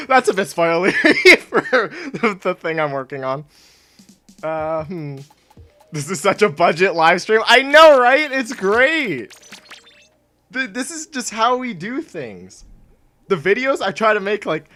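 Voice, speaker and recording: Young male streamer, bright tone, faint music behind, rambling and self-mocking. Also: high voice. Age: young adult. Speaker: game streamer. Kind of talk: casual live-stream chat.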